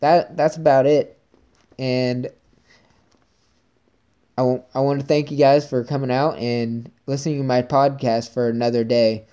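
Male podcast host, mellow voice, upbeat, rambling solo chat. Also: medium pitch, flat delivery, measured pace, pauses often, clear, resonant tone. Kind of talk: casual solo podcast monologue.

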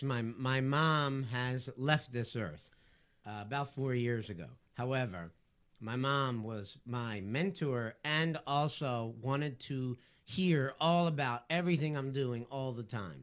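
A man's voice: mid-range voice, a little slow, fairly bright tone. A middle-aged man co-hosting a radio talk show, telling stories in a chatty, teasing way.

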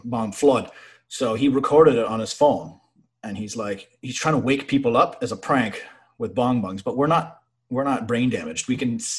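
Young man, foul-mouthed, animated storyteller, mid-pitched. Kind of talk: casual chat.

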